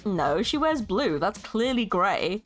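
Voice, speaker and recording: A woman's voice: mid-range voice, very animated, takes it slowly, faint music behind. A woman streaming herself as she plays and narrates a story game, playful and jokey, laughing often. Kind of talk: narrating and playing a game live.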